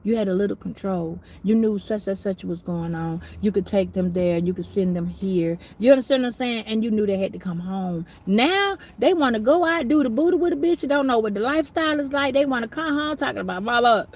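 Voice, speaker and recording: A woman's voice: on the high side, darkish tone. A middle-aged woman giving a casual astrology reading, talking bluntly, preachily and with plenty of swearing. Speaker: tarot reader.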